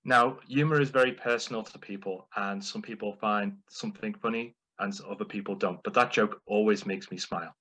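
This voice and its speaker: A man's voice: fairly low pitch, a bit bright, rough recording. A man delivering a playful, humorous prepared speech at a speaking club. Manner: playful, deliberate.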